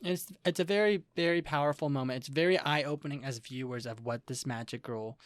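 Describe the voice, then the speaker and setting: A young adult co-host talks through an anime in loose, casual chat, packed with fillers and playful quoted voices. The pitch sits in the middle, and the mic is close and dry with no room sound. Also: fairly quick, dry recording. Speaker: podcast co-host.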